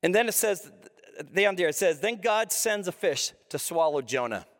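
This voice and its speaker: A man's voice: high voice, lively intonation, moderate pace, a bit bright. A man preaching a sermon, reading scripture and then explaining it in a conversational way with frequent restarts. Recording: echoey hall reverb.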